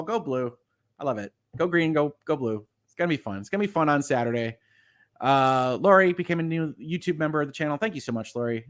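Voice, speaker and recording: A middle-aged man hosting a legal livestream, reading viewer comments aloud in a halting, earnest way that often repeats words. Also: on the high side, fairly bright tone. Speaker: legal channel host.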